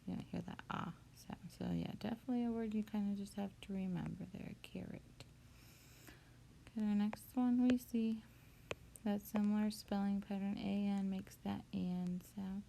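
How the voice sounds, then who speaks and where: Patient woman teaching spelling, gravelly voice. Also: medium pitch, moderate pace, slight background noise. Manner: steady, patient, counting out syllables. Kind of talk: spelling lesson.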